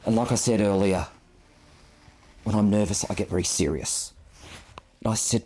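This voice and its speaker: A man's voice: fairly low pitch, normal speed, long pauses, dark tone, slightly rough. A man in his fifties, a photographer, tells a personal story in an earnest, reflective and self-deprecating way, speaking into a clip-on microphone.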